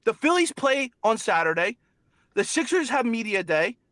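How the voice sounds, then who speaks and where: A man's voice: very high voice, very animated, normal speed, a bit bright, no room sound. A young man hosting a sports talk show, ranting angrily and profanely about his team, repeating himself. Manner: angry, profane, repetitive ranting. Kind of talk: heated sports talk rant.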